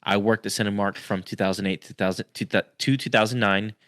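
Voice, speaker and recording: A man in his thirties with a low voice who co-hosts a casual podcast. He teases his friend and laughs easily, and he keeps the talk relaxed. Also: quick pace. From Texas. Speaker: podcast co-host. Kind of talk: casual chat.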